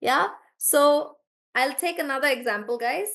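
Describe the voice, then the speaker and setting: A woman's voice: sits high, measured pace, vocal fry, fairly bright tone. A woman teacher, chatty in a live online class, explaining word stress through spoken examples. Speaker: English pronunciation teacher.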